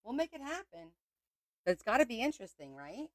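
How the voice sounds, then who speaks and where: A woman's voice: fairly high pitch, big pitch swings, brisk, a bit bright, no room sound, low-quality recording. A woman hosting a craft livestream, chatting casually and rambling as she talks to viewers.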